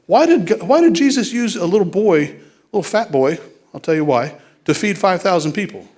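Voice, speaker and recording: A man preaching a sermon as a guest speaker in a church, joking and animated, then hushed and earnest in prayer. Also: on the high side, normal speed. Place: church sanctuary. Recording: clear music in background.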